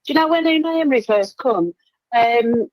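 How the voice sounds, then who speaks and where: A friendly woman calls in to a casual football phone-in. Her voice is fairly high and comes through dry and close. She tells stories and keeps ending on tag questions. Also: expressive, moderate pace, dry recording, dull audio. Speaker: caller.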